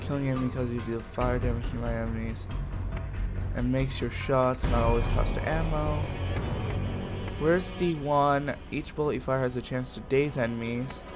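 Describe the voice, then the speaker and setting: A man hosting a video game playthrough, reading out upgrade options and trash-talking enemies in an excitable way. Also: medium pitch, normal speed. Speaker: gaming video host. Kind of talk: let's play commentary. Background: game music and gunfire.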